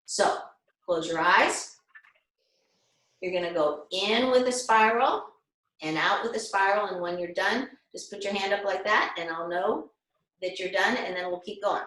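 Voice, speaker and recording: A woman leads an online class over a video call, explaining each step gently and checking in with her students. Her voice sits at an ordinary middle pitch. The room around her adds a clear echo. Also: measured pace. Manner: gentle, guiding explanations with frequent check-ins. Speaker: class instructor.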